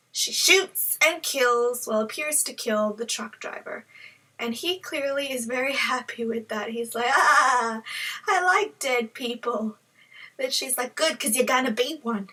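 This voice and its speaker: A woman's voice: on the high side, sharp tone, recorded from a distance, rough recording. A young woman vlogging in a casual, joking way and giggling between thoughts. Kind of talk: casual chat.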